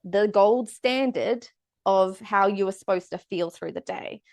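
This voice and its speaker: A woman speaks as a podcast guest, her stories pouring out quickly and emotively with plenty of restarts. Her voice sits in a middle range and is recorded dry and close. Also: mid-range voice, dry recording. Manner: fast, animated, emotive storytelling with quick restarts. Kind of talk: casual conversational interview.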